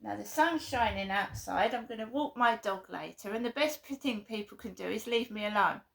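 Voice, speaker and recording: Woman vlogger, gravelly and bright, emphatic, aggrieved venting monologue. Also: mid-range voice, animated, moderate pace.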